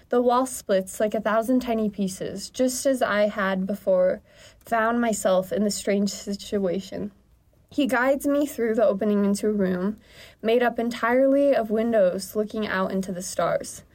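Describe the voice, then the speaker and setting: A woman's voice: medium pitch, a little mellow. A woman co-hosting a comedy podcast, reading a silly romance story aloud in a melodramatic, hammy way and breaking into laughter. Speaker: podcast co-host.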